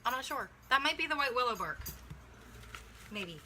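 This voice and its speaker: A woman's voice: sits high, big pitch swings, normal speed, sharp tone, slight background noise. A young woman, a mother, chatting casually through a beauty kit unboxing, thinking aloud and correcting herself as she reads viewer comments.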